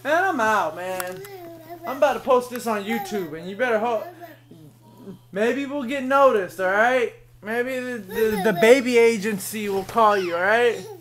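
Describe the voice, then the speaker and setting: A man's voice: sits high, a little slow, crowd noise. A man filming his baby son at home in a bedroom, teasing and coaxing him in a playful, joking way. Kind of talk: playful home video talk to a toddler.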